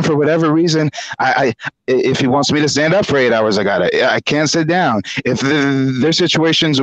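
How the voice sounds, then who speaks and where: A man with a fairly high voice tells a story as a guest in a chat. He is animated and often doubles back on his words. The sound is dry and close. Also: no room sound, rough recording. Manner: animated, repeats words while telling a story.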